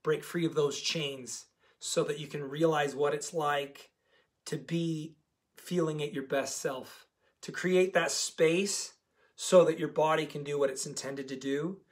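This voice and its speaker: High-pitched guy coaching his diet group, animated, repeats stuff for emphasis. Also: unhurried. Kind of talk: casual motivational talk to camera.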